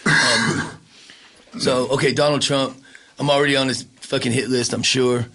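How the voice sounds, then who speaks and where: A man speaks as a musician guest on a comedy podcast. He talks low and mumbling, swears freely, and keeps things casual. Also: level tone, normal speed, bright, forceful tone. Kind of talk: casual chat.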